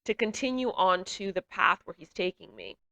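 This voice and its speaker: Woman sharing a near-death story, bright clear tone, halting and emotional, lots of ums. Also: mid-range voice, muffled recording. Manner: hesitant, halting, with many fillers and restarts. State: emotional, runny nose. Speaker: testimony speaker. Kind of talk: personal testimony, reflective storytelling.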